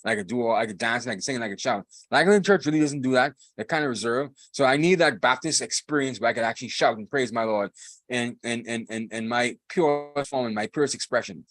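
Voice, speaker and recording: Male podcast host, fast, emphatic, repeats himself for force, dry close sound. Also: mid-range voice, fairly bright tone, no echo. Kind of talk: casual monologue on a live podcast.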